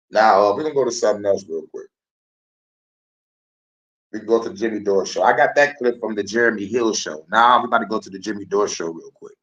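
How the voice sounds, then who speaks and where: A man's voice: lowish voice, pushed and bright, low-quality recording. A young man hosting a podcast, talking loosely and profanely over clips and laughing often. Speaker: podcast host. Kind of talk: casual commentary over played clips.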